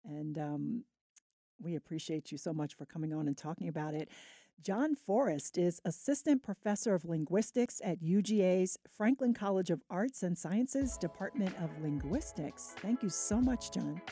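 Female radio host, curious interviewer with brief affirmations, mellow tone, dry studio mic. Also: on the low side, animated, moderate pace, no room sound, soft background music.

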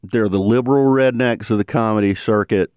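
A man's voice: fairly low pitch, brisk, a little mellow. A man with a Southern US accent hosting a podcast, narrating and interviewing in an easygoing storytelling way. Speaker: podcast host.

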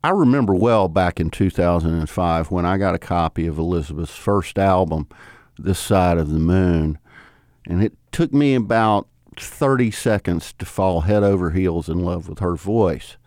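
A man with a Southern US accent, hosting an interview with relaxed storytelling. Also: deep voice, moderate pace, dry recording, clean studio sound. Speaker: host. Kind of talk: radio interview.

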